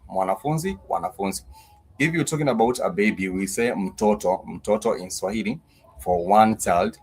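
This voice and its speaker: A man's voice: fairly low pitch, breathy edge. Patient man teaching Swahili. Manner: patient, repeats words slowly for learners. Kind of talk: live online language lesson.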